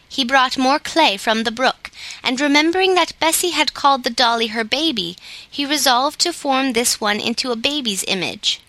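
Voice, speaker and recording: Woman audiobook narrator, steady storytelling, bright tone, slightly high pitch. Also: no echo. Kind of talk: scripted narration.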